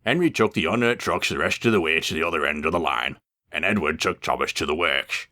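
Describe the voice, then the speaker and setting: A man reading a storybook aloud with lively, expressive narration. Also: rumbling low, fairly quick.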